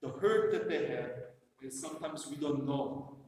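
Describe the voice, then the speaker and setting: A man's voice: a little high, moderate pace, darkish tone. A man presenting a workshop to a live group, talking in a conversational, joking way with many "you know" fillers. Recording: echoey hall from far off, faint noise.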